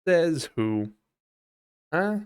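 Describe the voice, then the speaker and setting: A man's voice: on the high side, sing-song, drawn-out words, smooth. A man live-streaming while he sculpts, chatting casually and joking in a profane, mock-aggressive way.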